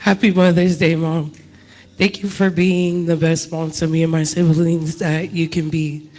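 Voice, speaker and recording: A man with a high, mellow voice speaks in a flat tone, nervous but earnest. He is giving a spoken tribute at church. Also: measured pace. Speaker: church member giving a Mother's Day tribute.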